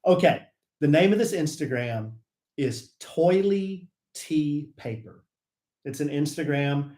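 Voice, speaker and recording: A man's voice: fairly high pitch, slow, mellow, roomy sound. A man co-hosting a podcast, talking in a playful, giggly way. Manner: playful and giggly, fond of silly jokes. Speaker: podcast co-host. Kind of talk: casual podcast banter.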